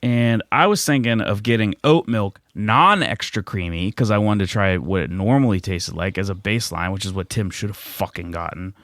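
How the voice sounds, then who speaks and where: A man's voice: lowish voice, moderate pace, hardly any pauses, fairly bright tone, no room sound, clean studio sound. Brash sweary male podcast host. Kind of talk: casual chat.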